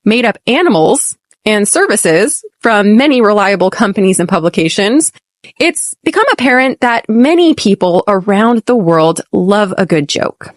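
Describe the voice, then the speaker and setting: An American woman hosting an English lesson podcast, speaking clearly and deliberately and modeling phrases slowly for repetition. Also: medium pitch, sing-song, no echo, clean studio sound. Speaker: podcast host and English teacher.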